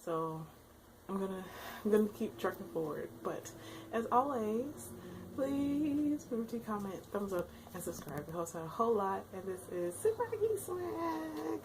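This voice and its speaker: A woman's voice: medium pitch, animated, moderate pace, noisy background. A young woman recapping an episode in a casual vlog, rambling and emotional, with frequent exclamations. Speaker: anime reviewer.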